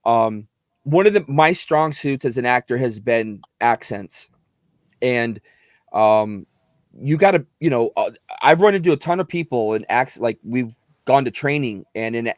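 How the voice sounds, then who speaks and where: Animated voice-actor guest, dry sound. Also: male voice, mid-range voice, moderate pace, no echo. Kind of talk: casual podcast chat.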